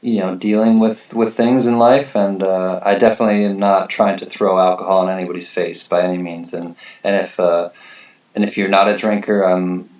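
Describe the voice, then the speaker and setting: A man's voice: low voice, steady tone, moderate pace, a little mellow. Laid-back man, dull lo-fi sound. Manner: laid-back, rambling, laughs often. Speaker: livestream host. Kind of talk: casual chat reading viewer comments.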